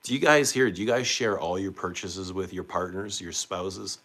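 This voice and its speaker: A man's voice: deep voice, normal speed, fairly bright tone, slight background noise. A man hosting a casual livestream, reading viewer comments aloud and chatting back with questions. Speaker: livestream host.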